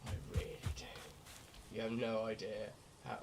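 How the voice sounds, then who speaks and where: A young man from Britain, hoarse and croaky from a night of drinking, rambling crudely through casual gameplay commentary. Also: on the low side, level tone, moderate pace. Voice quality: raspy, croaky. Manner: rambling, crude, self-mocking. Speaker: gamer. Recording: loud background noise.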